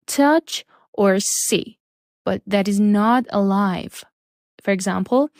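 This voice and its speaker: A woman teaches vocabulary at an unhurried pace, pausing over each word and example. Her voice sits at a middle pitch and is recorded dry and close, with no room sound. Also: darkish tone, no room sound. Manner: deliberate, spells out words and example sentences. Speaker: English teacher. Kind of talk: slow, careful English lesson.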